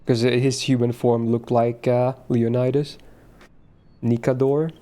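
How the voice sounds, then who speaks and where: Male streamer, casual rambling chat, mid pitch, loose and sweary. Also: level tone, slow, mellow. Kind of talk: casual chat while gaming.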